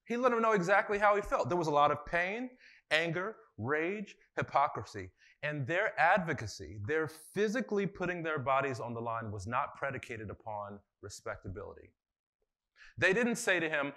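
A man's voice: fairly high pitch, big pitch swings, moderate pace, pushed and bright. A man facilitating a conference workshop, talking casually with many fillers and putting questions to the audience in a conference room.

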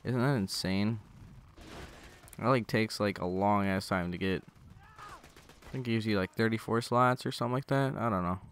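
A man's voice: on the low side, moderate pace, pauses often, slight background noise. Rambling young man doing gameplay commentary. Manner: rambling, joking, swearing, talking to enemies. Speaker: gaming channel host. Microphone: gaming headset.

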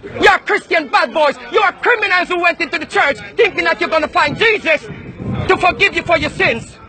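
A man from Jamaica, ranting and shouting confrontationally at people outdoors. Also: very high voice, moderate pace, some chatter behind.

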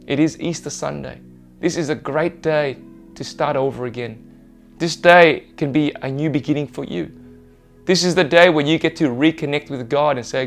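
A man's voice: a little high, moderate pace, fairly bright tone, faint music behind. A man preaching an Easter sermon as pastor, earnest and reassuring, repeating his points for emphasis.

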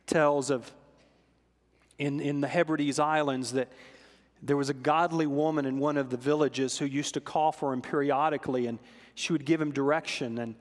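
Preacher man with a lifted voice. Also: fairly high pitch. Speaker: pastor. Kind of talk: sermon storytelling. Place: church sanctuary. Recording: long hall reverb in a church.

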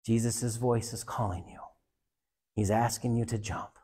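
A man's voice: medium pitch, fairly even intonation, measured pace, slightly rough. A man preaching a sermon, telling a story and leading a prayer in an earnest, repetitive way. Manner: earnest, repetitive, softening to hushed.

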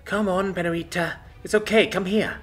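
A man's voice: high voice, steady tone, normal speed, faint music behind, voice pushed up, natural voice. A man voicing a determined, stubborn young woman who speaks insistently and sometimes pleads, in a narrated sci-fi audio story. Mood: coaxing.

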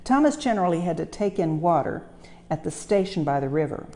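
A woman reading a children's story aloud as a museum storyteller, gentle and expressive. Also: fairly low pitch, fairly quick. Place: railway museum.

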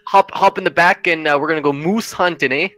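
A man's voice: fairly high pitch, fairly quick, bright, forceful tone. A man putting on a mock Canadian accent, playing a folksy buddy who ends his lines with "eh". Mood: jokey. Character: jolly male Canadian buddy stereotype.

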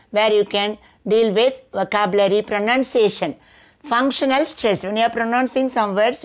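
Woman teacher, fairly high voice, deliberate, reads word lists aloud. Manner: slow, deliberate, addresses students often, word-list reading. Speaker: English teacher. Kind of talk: classroom lesson explanation.

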